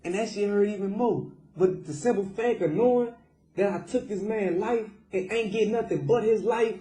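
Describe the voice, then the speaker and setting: The voice is high and warm at normal speed, recorded in an echoey room. It belongs to a young jailed suspect who, remorseful throughout the jailhouse interview, keeps addressing the interviewer as "sir."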